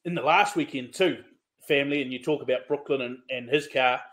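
A New Zealand man hosts a relaxed podcast chat and laughs along with his guest. His tone is bright and forward. His pitch sits mid-range. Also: fairly quick. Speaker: podcast host. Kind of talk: casual podcast interview.

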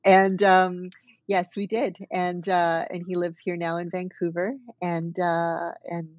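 A woman's voice: lowish voice, monotone, takes it slowly, dry recording, lo-fi sound. A woman dance artist talking thoughtfully as an interview guest, with many fillers and restarts. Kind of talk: reflective conversational interview.

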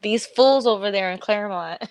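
A woman co-hosting a podcast, telling a long story in casual chat, acting out what people said and laughing often. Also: medium pitch. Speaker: podcast co-host.

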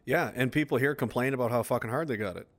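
A man hosts a casual podcast chat, rambling and swearing his way through stories told with animation and acted-out quotes. His voice is mid-range and fast.

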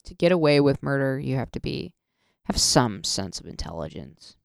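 Woman, podcast host, solo rant, profane, halting restarts, gravelly fry, dry studio sound. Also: rumbling low, very animated, no echo.

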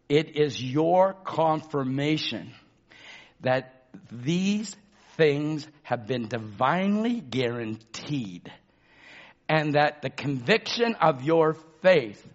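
A pastor preaches a sermon, swinging between low murmurs and loud shouted emphasis as he calls out to the congregation for amens. The audio is dull.

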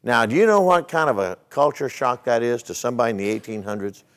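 A man's voice: mid-range voice, expressive, quick pace, clear, resonant tone. A male pastor preaching a sermon, retelling a story in a folksy way and asking the congregation rhetorical questions.

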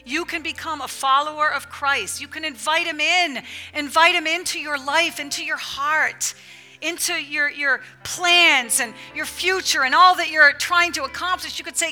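A woman's voice: sits high, normal speed, bright, forceful tone, soft background music. A woman preaching a fervent, emphatic sermon to a women's church gathering, with a repetitive preaching cadence.

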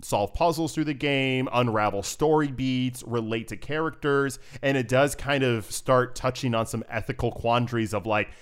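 A man co-hosting a casual chat about video games, lively and quick to laugh, acting out little quotes as he talks. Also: medium pitch, smooth. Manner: animated, laughs often, acts out quotes. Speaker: podcast co-host.

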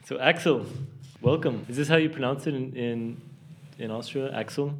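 A man's voice: medium pitch, normal speed, slight background noise. A man from the United States hosting a podcast, chatting casually and laughing easily. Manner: laid-back, laughs often, swears casually. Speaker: podcast host.

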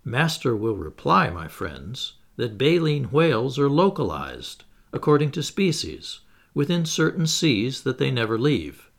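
A man voicing a learned naturalist professor who explains in a measured, mildly lecturing way, his voice gravelly and lively. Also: medium pitch, heavily acted.

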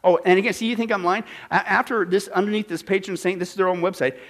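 A man's voice: sits high, fairly even intonation, fast, fairly bright tone. A man preaching a sermon, reading passages aloud and answering them with rhetorical questions and sarcastic asides.

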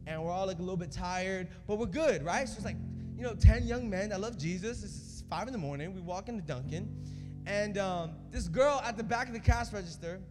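A young man preaches with loose, energetic storytelling, his voice sitting a bit high for a man. His words ring out through a reverberant hall while music plays beneath him. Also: a little fast. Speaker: youth preacher. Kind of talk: sermon. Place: church service in a hall. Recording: echoey hall with music behind.

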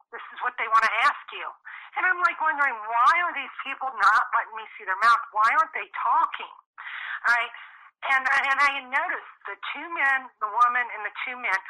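A woman's voice: fairly high pitch, bright, forceful tone, rough recording. A woman being interviewed, telling a long story in an emphatic, rambling way full of restarts. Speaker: interview guest. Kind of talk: casual storytelling.

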